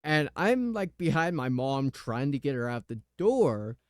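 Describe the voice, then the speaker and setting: A man hosting a podcast, telling a personal story in a casual, animated way with the odd curse word. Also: medium pitch, a little slow, smooth, dry recording, studio quality. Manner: animated retelling, swearing. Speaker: podcast host.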